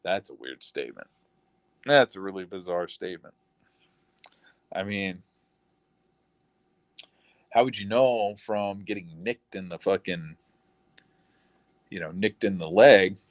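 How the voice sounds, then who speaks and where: A man's voice: sits low, expressive, takes it slowly, long pauses, no echo. A man hosting a podcast, talking casually and incredulously over interview audio, cursing often and thinking aloud with fillers. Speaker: podcast host.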